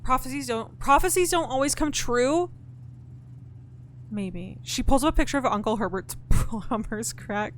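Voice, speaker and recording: A woman's voice: fairly high pitch, a little slow, a little hiss or hum. A woman streaming a puzzle game, thinking aloud, talking back to her chat and to the game's characters, and swearing in frustration. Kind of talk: live-streamed gameplay chat.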